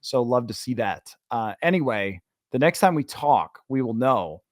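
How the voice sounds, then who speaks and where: A man's voice: a little high, expressive, measured pace, few pauses, no room sound, clean studio sound. A man hosting a sports podcast, chatting casually, opinionated and ranting at times, with frequent filler sounds. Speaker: podcast host.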